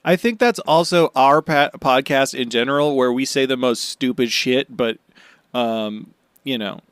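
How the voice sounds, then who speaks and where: A male podcast co-host chats casually, joking and rambling between laughs. His voice is smooth and resonant. The sound is dry and close to the mic. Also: mid-range voice, measured pace, fairly bright tone, no room sound. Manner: jokey, rambling with fillers and laughs. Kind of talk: casual chat.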